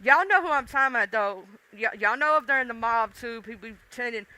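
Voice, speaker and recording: A woman's voice: a little high, expressive, quick pace, pushed and bright, no echo, low-quality recording. A woman hosting a casual livestream, chatting with her viewers, laughing and teasing them by name. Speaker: livestream host. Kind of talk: casual chat with live viewers.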